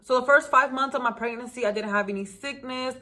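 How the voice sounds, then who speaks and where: A woman's voice: sits high, brisk, bright, forceful tone. A young woman from the United States telling a personal story in a casual storytime vlog. She is emotional and talks straight to her viewers. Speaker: vlogger.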